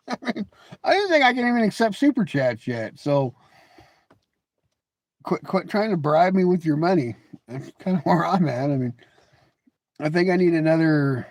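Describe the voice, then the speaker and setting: A man's voice: a little high, darkish tone, dry recording. A man hosting a casual live stream, answering viewers in chat with mocking, teasing remarks, often laughing and repeating words as he starts a thought.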